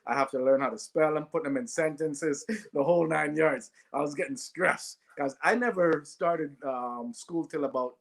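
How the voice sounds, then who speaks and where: A man tells stories in an animated way. His voice sits a touch higher than most men's, and he often checks in with a quick "right?". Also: vocal fry. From Jamaica. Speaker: guest, former Olympic sprinter. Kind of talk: storytelling in a podcast interview.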